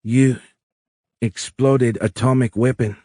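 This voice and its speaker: A man's voice: mid-range voice, fairly even intonation, takes it slowly, mellow, dry recording, studio quality, voice pushed up. Man voicing a stilted alien in a woman's form. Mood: halting, earnest. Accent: strange foreign lilt. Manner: broken, mechanical sing-song speech.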